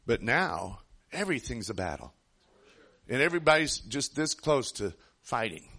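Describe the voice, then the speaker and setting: A man's voice: mid-range voice, sing-song, moderate pace, pushed and bright. A man preaching a sermon, telling a personal story in an earnest, rambling way with frequent restarts.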